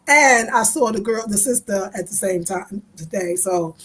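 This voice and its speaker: A woman hosting her own video, telling a lively story to her viewers and acting out the voices of the people in it, often laughing as she talks. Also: mid-range voice, moderate pace, breathy edge. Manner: animated, laughing, acts out voices in her stories. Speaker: video host.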